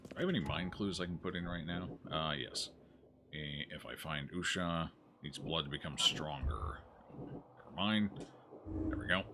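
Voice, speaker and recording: A man's voice: very deep voice, normal speed, background noise. A man streaming a horror game, joking and thinking aloud as he plays. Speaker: gaming streamer. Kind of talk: casual let's-play commentary.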